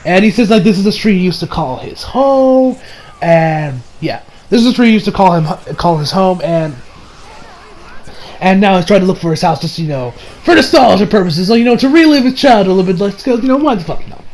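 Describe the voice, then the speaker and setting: A man's voice: high voice, lively intonation, a little fast, darkish tone. A man giving a casual anime episode review, gushing and rambling with lots of fillers.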